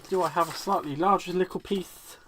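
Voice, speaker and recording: A man's voice: high voice, brisk, a bit bright, slight background noise. A man hosting a live crafting stream, chatting playfully to himself and his viewers with little giggles and silly repeated words. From United Kingdom. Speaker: craft channel host. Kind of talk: casual live crafting chat.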